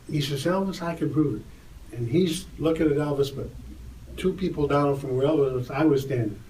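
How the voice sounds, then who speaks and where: An older man tells a story with lively energy and lifts his voice for the quoted lines. He sounds set back from the mic in an echoey room. There is a faint hum of ambience behind him. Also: fairly high pitch, moderate pace, far from the mic. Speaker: interview guest, tour photographer. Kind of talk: animated anecdote storytelling.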